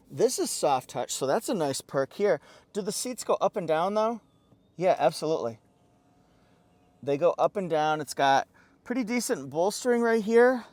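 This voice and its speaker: A man's voice: sits high, darkish tone, no room sound. Upbeat man touring a car. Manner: upbeat, chatty, repeats short phrases while pointing things out. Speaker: car reviewer. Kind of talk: casual walkaround product review. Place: inside a vehicle.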